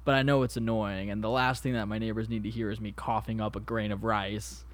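A man's voice: lowish voice, level tone, fairly quick. A man co-hosting a casual comedy podcast from his apartment, rambling through jokey stories and cursing casually. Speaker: podcast co-host. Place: home apartment. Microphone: podcast microphone.

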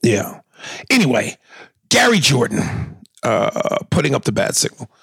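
A man's voice: mid-range voice, big pitch swings, measured pace, vocal fry, fairly bright tone, husky, no echo, clean studio sound. A man co-hosting a comedy podcast, chatting loosely, teasing and cursing, and reading listener emails aloud. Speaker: podcast co-host.

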